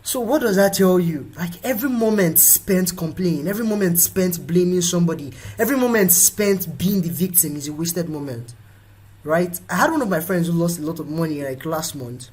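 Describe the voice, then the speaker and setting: Hosting a motivational live talk, a young man with a Nigerian accent speaks fairly quickly in a high, slightly husky and breathy voice, with poor audio quality. He's animated throughout, putting on playful voices to act out the people he describes.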